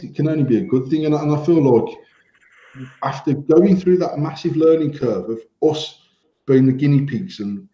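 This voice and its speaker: A man tells stories from his shop in a loose, swearing podcast chat. His voice is mellow and warm. He sounds a bit dull and roomy, as if recorded in an echoey space. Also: medium pitch. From United Kingdom. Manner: swearing storyteller, animated when telling anecdotes. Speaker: podcast co-host, vape shop owner. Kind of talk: casual banter podcast.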